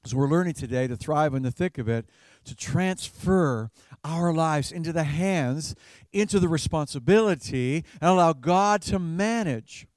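A male pastor delivering a sermon in a relaxed, conversational manner, with a voice pitched a little higher than most men. He laughs lightly at his own stories and repeats words as he finds his way. The sound is dry and close, with no room echo. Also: unhurried.

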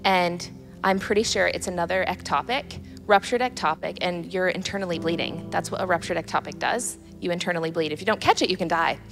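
A woman's voice: fairly low pitch, a little fast, vocal fry, a bit bright, faint music behind. A woman in her thirties telling a candid personal faith story. She laughs often and restarts her sentences. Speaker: guest sharing a personal story.

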